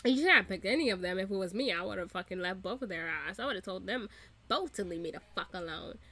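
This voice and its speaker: A woman's voice: medium pitch, lively intonation, quick pace, pushed and bright, no room sound. A woman giving casual reaction commentary, emphatic and repetitive, laughing often and swearing freely. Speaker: reaction channel host.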